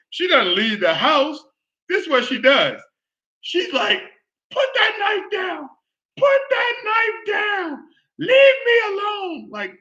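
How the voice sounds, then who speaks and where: On a muffled recording, a man's pushed, bright voice carries his live online sports and culture show. He rants casually at his viewers, loose and repetitive, exclaiming and acting out scenes in a shrieking falsetto.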